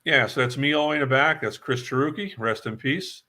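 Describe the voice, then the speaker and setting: A man's voice: mid-range voice, brisk, bright, forceful tone. An older man from New York, a guest musician, telling long stories in a rambling way and repeating words as he remembers. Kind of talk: casual storytelling interview.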